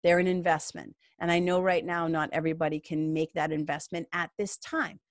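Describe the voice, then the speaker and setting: A woman's voice: low voice, fairly even intonation, a little fast, no echo, studio quality. A woman spiritual coach talking earnestly and casually to her followers, with plenty of fillers and restarts. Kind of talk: casual motivational talk to followers.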